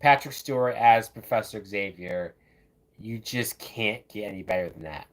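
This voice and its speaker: A man's voice: on the low side, normal speed. A man giving casual, loose live commentary while watching a movie, often tossing in "man" and "like". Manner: loose, chatty, says "man" and "like" a lot.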